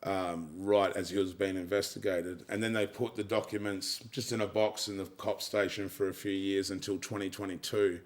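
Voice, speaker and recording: A man's voice: deep voice, level tone, normal speed, few pauses. A man with an Australian accent, talking as an interview guest in a frank, casual way, swearing freely and leaning on "you know". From Tasmania, Australia.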